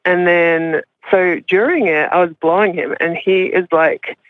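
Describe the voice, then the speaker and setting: A woman caller rambles through a personal story in a casual, confessional way, saying "like" constantly and laughing often. Her voice is fairly low and her pace measured. It comes through a tinny phone line with no room sound.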